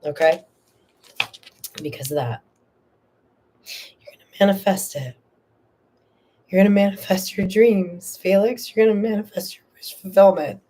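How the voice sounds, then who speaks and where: A woman's voice: medium pitch, a little slow, pauses often, mellow, a little hiss or hum. A woman hosting a live tarot reading stream, speaking earnestly and spiritually to viewers by name, with fillers and restarts, sometimes getting emotional. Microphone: streaming to viewers live, no moderator.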